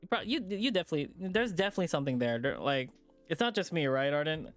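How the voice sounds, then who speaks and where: A streamer narrating a visual novel, with casual chat and plenty of swearing in between lines. The voice is clear and smooth, and soft music runs underneath. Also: medium pitch, animated, fast. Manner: casual, profane asides. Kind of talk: reading a visual novel aloud.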